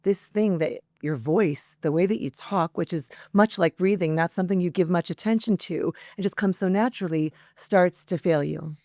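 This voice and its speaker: A woman's voice: fairly low pitch, moderate pace, few pauses, darkish tone, no room sound, clean studio sound. A woman hosting an interview show, earnest and personal in how she asks her questions. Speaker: host. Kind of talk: interview hosting with scripted intro.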